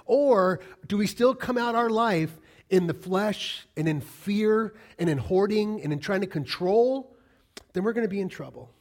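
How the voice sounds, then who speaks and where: A man with a fairly high voice preaches a sermon. He is animated, pressing his listeners with rhetorical questions. His loud, emphatic lines give way to quieter, lower asides. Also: a little slow. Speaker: pastor.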